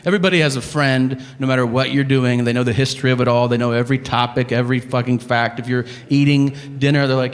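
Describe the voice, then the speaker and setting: A man's voice: medium pitch, fast talker, hardly any pauses. Sarcastic stand-up man in a reverberant hall. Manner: sarcastic, storytelling, profane. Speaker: stand-up comedian. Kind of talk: stand-up routine.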